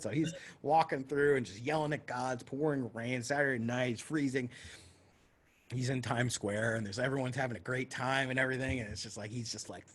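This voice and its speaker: A man's voice: medium pitch, fairly quick, slightly rough. A man co-hosting a podcast who tells a long story casually, swearing freely and acting out the voices of the people in it. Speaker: podcast co-host.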